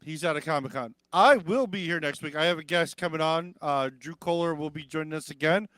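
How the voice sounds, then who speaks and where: Slightly high-voiced american guy hosting a live stream, rambly and cussing, smooth clear voice, dry sound. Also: brisk, a bit bright, dry recording. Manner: rambling, profane, mimics others in raised voice. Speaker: podcast host. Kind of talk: casual live-stream chat.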